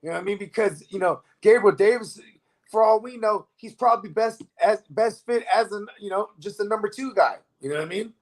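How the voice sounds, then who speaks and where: A man's voice: high voice, a little fast. A man co-hosting a live fantasy football show, talking casually and profanely and asking "you know what I mean" again and again. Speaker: fantasy football podcast co-host. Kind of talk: casual live-stream sports chat.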